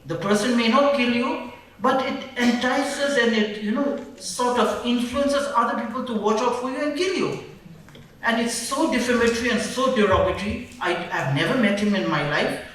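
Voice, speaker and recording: A woman's voice: fairly high pitch, slight background noise. A woman from Nagaland, a human rights defender speaking emphatically and indignantly at a public panel, often repeating phrases. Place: large event hall. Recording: very echoey hall, mic far off.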